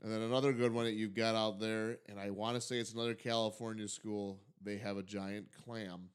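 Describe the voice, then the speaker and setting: A man's voice: on the low side, level tone, a little fast, clean tone. A man co-hosting a podcast from Michigan, rambling and joking in casual chat with many fillers. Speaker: podcast co-host.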